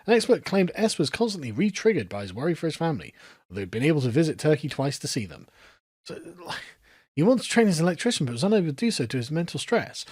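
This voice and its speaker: A man's voice: fairly high pitch, big pitch swings, quick pace, darkish tone, husky, no room sound. Guy ranting, sarcastic and fed up, voice jumps all over, dry sound. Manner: sarcastic, exasperated, laughs mid-rant. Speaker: political commentator. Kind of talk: ranting commentary.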